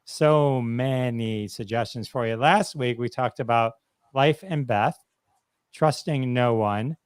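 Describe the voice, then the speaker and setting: A man's voice: mid-range voice, slow, clear, resonant tone, no echo, studio quality. A man hosting a podcast about TV shows, chatting casually and running the show. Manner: relaxed storyteller, tells jokes with put-on old-man voices. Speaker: podcast host. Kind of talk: casual chat.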